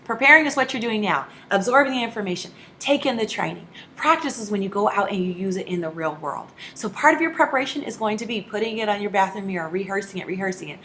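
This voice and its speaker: Lively woman sales trainer. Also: medium pitch, a little hiss or hum. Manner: lively, acts out both sides of phone calls. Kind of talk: training talk.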